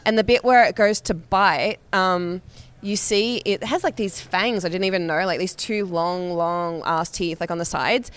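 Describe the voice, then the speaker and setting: A woman's voice: lowish voice, fairly even intonation, normal speed, clear, resonant tone. Chatty Australian woman, rambling. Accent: Australian with slight American twang. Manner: rambling, many "like" fillers, giggly. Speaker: guest, professional wrestler. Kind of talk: casual storytelling.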